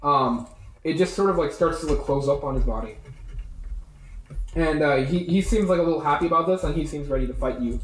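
A man's voice: on the high side, brisk, echoey room, a little hiss or hum, poor audio. A man narrating as game master of a tabletop game in a loose, rambling way full of fillers.

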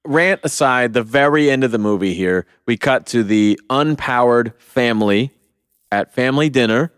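A man's voice: medium pitch, moderate pace, fairly bright tone, smooth, no echo, studio quality. A young man co-hosting a casual movie review podcast, ranting with lots of swearing and mocking the people he quotes. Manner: profane, heated ranting with mocking quoted voices. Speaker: podcast co-host.

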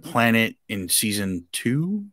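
A man co-hosting a casual podcast, relaxed and easygoing, often chiming in with agreement. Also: fairly low pitch, slow pace, dry recording, studio quality. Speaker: podcast co-host. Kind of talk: casual chat.

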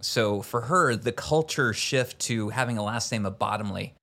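Man, podcast guest, lowish voice, self-mocking humor, casual. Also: moderate pace, bright, forceful tone.

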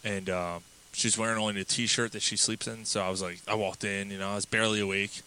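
A male podcast co-host with a bright, sharp-edged voice. He talks in loose, profane banter, telling raunchy jokes and venting about sports. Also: fairly low pitch, level tone, fast, slight background noise, low-quality recording. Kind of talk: crude casual banter.

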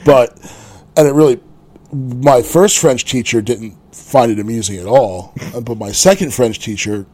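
A man with an everyday mid-pitched voice, co-hosting a relaxed podcast conversation. He spins personal anecdotes and laughs often along the way. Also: a little slow. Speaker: podcast co-host. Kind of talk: casual chat.

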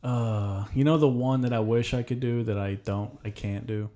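A man's voice: medium pitch, steady tone, moderate pace, dark tone. A man hosting a casual podcast chat, rambling and swearing freely. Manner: rambling and heavily profane. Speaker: podcast host. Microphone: headphones and studio mic.

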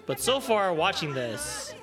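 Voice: medium pitch, big pitch swings, unhurried, over music, crowd noise. A person in their thirties giving casual reaction commentary in a chatty, rambling way with many restarts. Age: 30s. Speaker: reaction video host.

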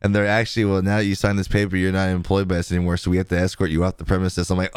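Male podcast co-host, 30s, low and smooth, rambling storyteller who laughs a lot. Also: fairly even intonation, very fast, hardly any pauses, dry recording, clean studio sound. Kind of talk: casual chat.

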